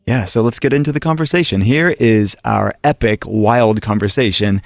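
A man's voice: on the low side, normal speed, creaky, no room sound, studio quality. A man co-hosting a podcast who talks earnestly and with admiration. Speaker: podcast co-host. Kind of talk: casual podcast chat.

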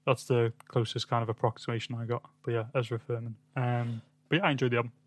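A man's voice: mid-range voice, level tone, quick pace, no echo. A man co-hosting a casual album review chat, laid-back and joking. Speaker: podcast co-host reviewing albums.

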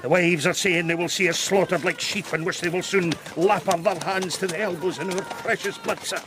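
An actor playing a timid, grumbling Scottish servant who talks fearfully in a radio drama. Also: male voice, sits high, steady tone, a little fast, background noise, natural voice. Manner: fearful, complaining, hushed.

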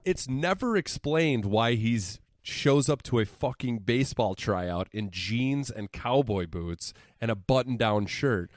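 A man's voice: mid-range voice, expressive, measured pace, hardly any pauses, dry recording, studio quality. A young man on a podcast, recapping a movie in a sarcastic, profane, storytelling way. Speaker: podcast co-host.

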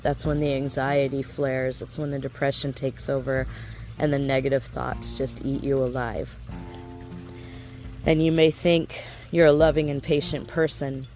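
A man's voice: a little high, darkish tone. A man giving a casual self-help lesson in an earnest way, asking his listeners rhetorical questions.

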